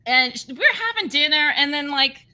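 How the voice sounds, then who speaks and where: Woman, high and bright, animated podcast storyteller who laughs a lot. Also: fairly quick, low-quality recording. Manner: animated, laughing storyteller doing loud impressions. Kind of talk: casual podcast chat.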